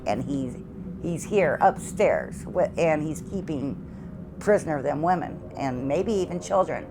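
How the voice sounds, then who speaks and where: Low-voiced middle-aged woman, halting testimony. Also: expressive, background noise. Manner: halting, repeats words, earnest. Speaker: homeowner interviewed about hauntings. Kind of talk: emotional interview testimony. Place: in her home.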